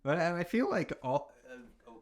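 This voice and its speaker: A man in casual podcast chat, laying out his view in a measured, reasoned way. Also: on the high side, very animated.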